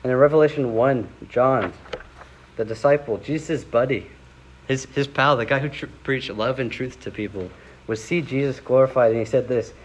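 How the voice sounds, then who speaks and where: A man's voice: medium pitch, normal speed, rough recording. A young man giving a sermon in a casual, conversational way, rising into dramatic scripture readings. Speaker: preacher.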